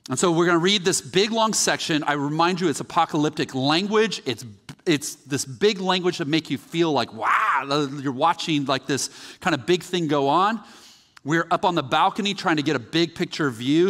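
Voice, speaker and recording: A man preaching a sermon as a pastor, telling stories in an animated way and often correcting himself mid-sentence. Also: fairly high pitch, a little fast. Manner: animated storytelling, excitable, with self-corrections. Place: church sanctuary. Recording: church hall reverb.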